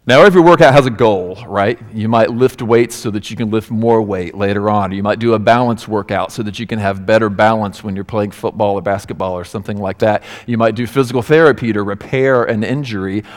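Pastor guy telling stories in his sermon, acts out the voices, big echoey church hall. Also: on the low side. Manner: storytelling, acting out quoted voices. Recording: hall reverb.

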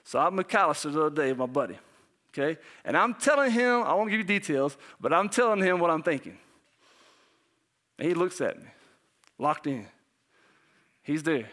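A man preaching a sermon as pastor, animated, who keeps asking the congregation questions and sometimes drops to a hushed near-whisper. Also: fairly high pitch, moderate pace, long pauses.

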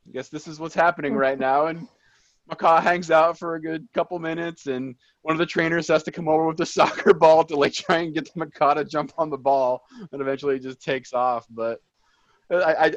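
A man whose first language is Portuguese, co-hosting a podcast and telling stories in a chatty, animated way with lots of restarts. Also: on the high side, a little fast, no echo. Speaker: podcast co-host. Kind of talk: casual chat. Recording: dull, dry lo-fi sound.

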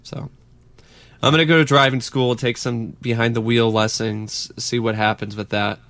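A man's voice: mid-range voice, level tone, normal speed, a bit bright, no room sound. A man co-hosting a podcast, easygoing and plain-spoken. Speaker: podcast co-host. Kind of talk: casual podcast chat.

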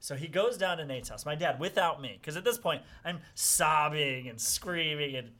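Middle-aged guy telling a story on a podcast, bright voice, gets loud and dramatic when he quotes people. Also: a little high, normal speed. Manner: animated, acts out quotes with loud outbursts. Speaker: podcast guest. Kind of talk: casual storytelling.

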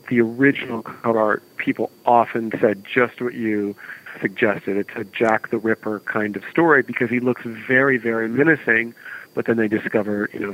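A man's voice: medium pitch, a bit bright, poor audio. A man, an author being interviewed, telling rambling anecdotes in casual chat. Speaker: author guest.

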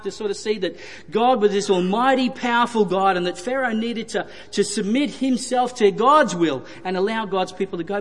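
High-voiced preacher in a reverberant hall. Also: male voice. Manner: retelling scripture with emphatic repetition. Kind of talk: sermon.

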